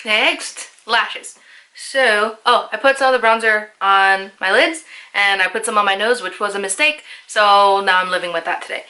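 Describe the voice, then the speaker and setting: Young woman, beauty vlogger; bright, chatty, self-deprecating, casual tutorial read. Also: medium pitch, normal speed. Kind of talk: casual makeup tutorial voice-over.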